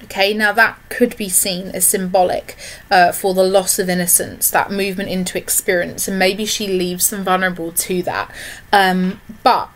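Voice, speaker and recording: A woman teacher giving a recorded online literature lesson, explaining in an even way with frequent check-ins to her students. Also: mid-range voice, normal speed.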